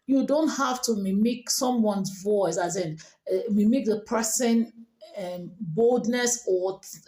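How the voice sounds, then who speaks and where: A woman teaches a diction lesson. She talks slowly and carefully, modelling each intonation pattern aloud. Her voice carries in an echoey room. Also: medium pitch, warm tone. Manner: slow, deliberate, demonstrates intonation patterns aloud.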